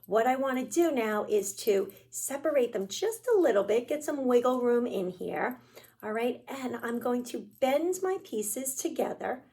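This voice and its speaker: A woman teacher talking straight to young children, encouraging and patient. She guides them through a craft and reads aloud in a slightly high voice. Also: a little mellow. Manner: encouraging, speaks directly to kids, many "all right"s.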